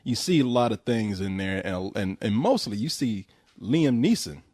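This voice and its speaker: Brief: husky, lively male reviewer, high voice, giggly jokester. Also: normal speed, no room sound, studio quality. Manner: jokey, giggling, emphatic. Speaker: film reviewer. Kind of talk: casual profane banter.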